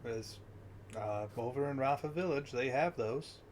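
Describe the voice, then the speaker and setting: A man's voice: mid-range voice, measured pace, darkish tone, a little hiss or hum, close to an everyday voice. A man voicing a polite, inquisitive woman cleric in a tabletop game, speaking formally. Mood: curious.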